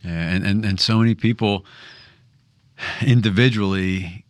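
A man's voice: lowish voice, measured pace, no echo. A man telling stories in a reflective, casual faith discussion, often repeating words. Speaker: discussion panelist.

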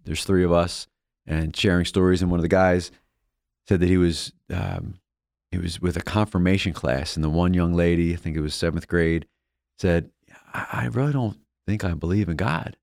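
A man's voice: low-pitched, normal speed, creaky, no echo, clean studio sound. A man co-hosting a faith reflection show, telling a story in casual chat and acting out the voices of the people in it. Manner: animated storyteller, acts out quoted voices, restarts often.

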